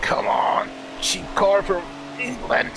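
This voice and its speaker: A man's voice: sits high, slow, creaky, background noise. A man in his thirties from Germany, a native German speaker talking English with a German accent, ranting and swearing in broken English on a casual game stream. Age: 30s.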